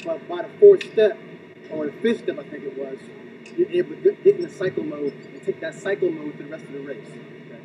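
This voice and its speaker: Lively coach counting beats, from afar. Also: male voice, fairly high pitch, a little fast, far from the mic, a little hiss or hum, rough recording. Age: middle-aged. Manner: counts beats aloud, punctuates with "okay?". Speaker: hurdles coach. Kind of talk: demonstration lesson.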